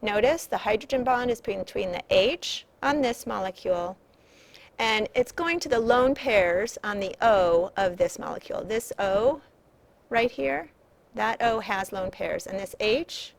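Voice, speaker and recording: Woman, chemistry teacher, recorded lecture, slightly gravelly voice, patient, repeats key points. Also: mid-range voice, unhurried. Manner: patient, repetitive explaining with emphasis. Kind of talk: recorded lecture over slides.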